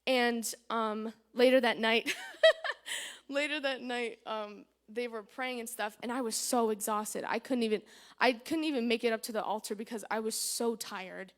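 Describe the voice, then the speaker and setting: A woman's voice: a little high, steady tone, moderate pace. A woman giving a personal church testimony, chatty and candid, retelling events with lots of "I was like" and nervous fillers. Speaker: testimony speaker.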